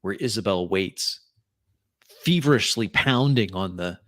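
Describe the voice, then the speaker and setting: A man narrating a tabletop game as game master, describing the scene deliberately and often restarting his phrases. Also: fairly low pitch, expressive, fairly bright tone, no room sound.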